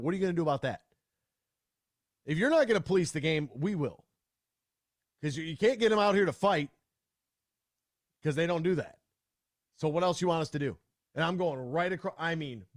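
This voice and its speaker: A man hosting a sports talk radio show, ranting in a fired-up way with quick repeated restarts, into a studio microphone. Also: on the high side, dry recording.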